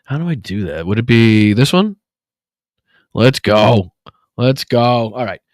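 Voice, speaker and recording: A man's voice: medium pitch, lively intonation, measured pace, no echo, studio quality. A man hosting a casual political livestream, rambling and narrating what he is doing on screen. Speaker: show host.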